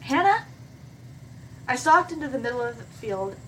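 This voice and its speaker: A woman hosting a game playthrough, reading a visual novel aloud in an expressive, animated way and adding her own comments. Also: a little high, quick pace, recorded from a distance, poor audio. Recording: voice from away from the mic with faint hiss.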